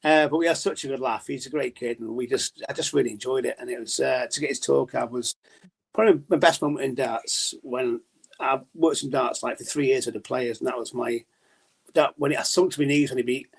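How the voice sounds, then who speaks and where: Gravelly chatty man telling stories. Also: mid-range voice, steady tone, fairly quick. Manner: chatty storyteller, swears, laughs often. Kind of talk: casual chat.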